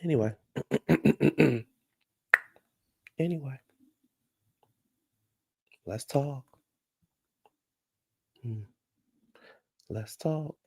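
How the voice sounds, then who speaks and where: A man giving a sassy, gossipy casual recap of a reality show, talking back at the cast with a gravelly voice. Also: medium pitch, extremely slow, long pauses, dark tone, dry recording, clean studio sound.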